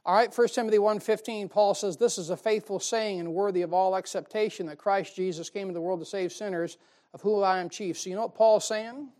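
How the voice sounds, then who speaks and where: Delivered briskly in a high-pitched voice with a steady tone, this sermon is folksy and emphatic. The preacher chuckles at his own jokes and alternates between loud emphasis and quiet asides.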